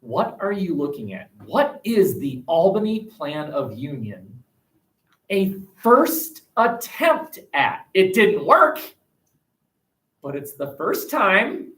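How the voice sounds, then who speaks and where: A man teaching a history class, animated and joking, asking the room rhetorical questions, recorded on a classroom webcam. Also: sits high, takes it slowly. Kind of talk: classroom lecture.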